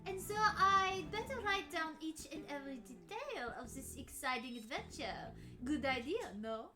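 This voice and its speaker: A woman's voice: high voice, lively intonation, moderate pace. A woman voicing a cheeky young woman with a mock French accent, reading game dialogue aloud in a playful, theatrical way over game music. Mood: perky.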